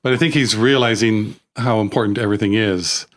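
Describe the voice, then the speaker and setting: Earnest man with a lowish voice. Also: brisk, fairly bright tone. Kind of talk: casual chat.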